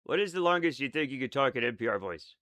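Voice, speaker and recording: A man chatting live with his viewers, rambling in an excitable, self-mocking way. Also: medium pitch, fast, no echo, clean studio sound. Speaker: streamer. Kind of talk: casual live-stream chat with viewers.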